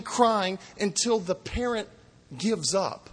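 A male pastor preaching with a slightly raised pitch and a husky edge to his voice. He swings from mocking, shouted exclamations to hushed, intense asides. His voice rings with the long reverb of a big hall. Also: animated, a little slow. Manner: emphatic, mocking, swings between loud and hushed. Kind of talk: sermon.

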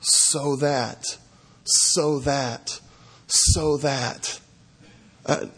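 A man's voice: mid-range voice, fairly even intonation, drawn-out words, a bit bright, slightly rough. A man preaching a sermon as pastor, earnest and repeating phrases for emphasis. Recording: long hall reverb.

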